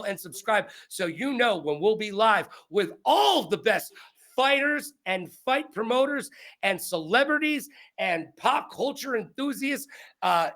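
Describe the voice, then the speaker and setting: A man in his forties hosting an interview, joking and playful in casual chat. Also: sits high. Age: 40s. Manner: joking, animated, playful asides. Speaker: host.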